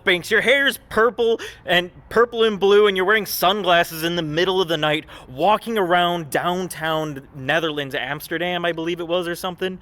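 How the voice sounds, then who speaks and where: A man's voice: sits high, steady tone, normal speed, few pauses, fairly bright tone, rough recording. A man giving mocking reaction commentary over a clip, sarcastic and scornful in tone.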